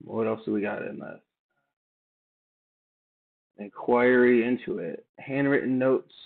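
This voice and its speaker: A man reading old documents aloud and adding offhand, halting remarks as he thinks aloud. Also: mid-range voice, fairly even intonation, creaky. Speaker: channel host. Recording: tinny phone-like sound.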